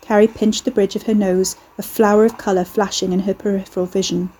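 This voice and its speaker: A woman reading a novel aloud in steady scripted narration. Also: medium pitch, a little fast, breathy edge, poor audio. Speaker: audiobook narrator.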